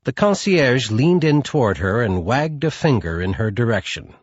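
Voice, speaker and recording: Slow, husky male audiobook narrator. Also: mid-range voice, very animated, dry recording, lo-fi sound. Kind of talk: scripted narration.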